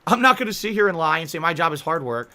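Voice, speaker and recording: A man's voice: fairly high pitch, big pitch swings, quick pace, bright, forceful tone. A male streamer ranting in indignant, profane commentary to his chat.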